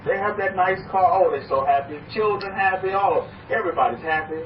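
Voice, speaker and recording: High-voiced preaching man, distant and echoey. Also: a little fast. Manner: emphatic, repetitive, with dramatic swings of pitch. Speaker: rabbi. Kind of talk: preaching sermon. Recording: echoey, distant, dull lo-fi with faint hiss.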